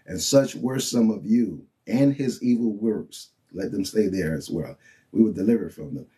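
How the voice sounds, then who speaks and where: A man's voice: moderate pace, mellow. A man giving an informal, conversational sermon, often asking if listeners follow him. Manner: conversational, rises high when mimicking others. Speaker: preacher.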